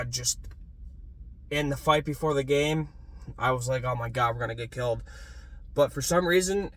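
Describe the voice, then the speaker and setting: In a casual sports fan vlog, a young man rants and swears freely, swinging between low muttering and loud yelling.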